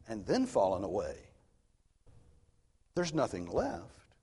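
A man's voice: lowish voice, wildly swooping pitch, slow pace, long pauses, mellow, husky. A man preaching an expository sermon, earnest and emphatic, posing rhetorical questions as he teaches. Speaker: pastor.

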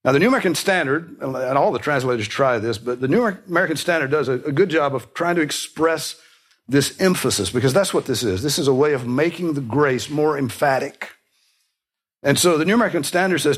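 A man's voice: medium pitch, normal speed. Earnest male preacher teaching scripture. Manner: earnest teaching with soft laughs and small restarts. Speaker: pastor. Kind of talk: sermon.

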